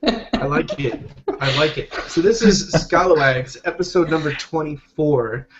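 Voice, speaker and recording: A man's voice: a little high, measured pace, background noise. A man hosting a casual podcast chat over a video call, joking and rambling with fillers. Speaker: podcast host. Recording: dull lo-fi call audio.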